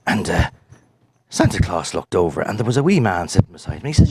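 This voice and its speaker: A middle-aged man with a Northern Irish accent, telling a story casually, with animated delivery, hesitant restarts and drops to near whispers. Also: lowish voice, a little fast, slightly rough. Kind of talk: casual storytelling on a live show.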